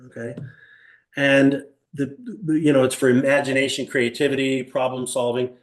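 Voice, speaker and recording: This older man's voice sits at medium pitch and moves at a moderate pace, with reverberation from the small room where he gives a live motivational seminar. He tells stories lively, asks listeners questions, poses rhetorical ones, and acts out others.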